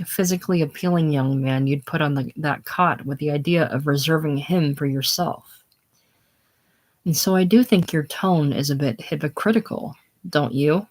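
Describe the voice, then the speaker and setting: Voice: mid-range voice, close to an everyday voice. A reader voicing a sickly, lonely older man with a grandiose, self-pitying manner in a casual play reading. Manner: theatrical, brooding, self-pitying.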